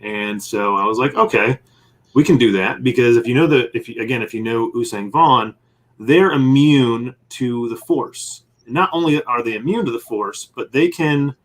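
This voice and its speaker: A man's voice: medium pitch, normal speed. A man telling a long story in a casual interview while sketching, rambling and acting out bits of dialogue. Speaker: comic publisher and guest; game master of his group.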